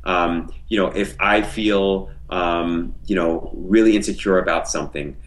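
A man's voice: low voice, fairly even intonation, unhurried, rough recording. A man in a casual podcast discussion, explaining ideas in a reflective way with many fillers.

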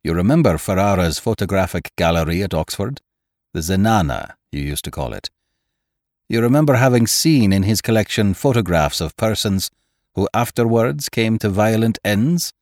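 A man's voice: fairly low pitch, animated, darkish tone, no room sound, studio quality, pitched above the performer's own voice. A man voicing a stern, grave elderly doctor in an audiobook reading. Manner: grave, deliberate. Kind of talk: audiobook character voice.

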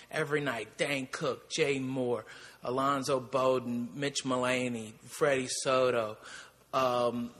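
A man co-hosting a comedy podcast, telling loud, profane anecdotes in a casual way. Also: medium pitch. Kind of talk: casual storytelling. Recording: long reverb.

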